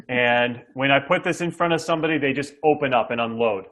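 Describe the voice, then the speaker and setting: Speaking a little fast in a medium-pitched, fairly bright voice, a middle-aged man guests as a SaaS sales coach. He walks an interviewer through sales tactics with energy, playing out buyer dialogue and frequently asking "okay?".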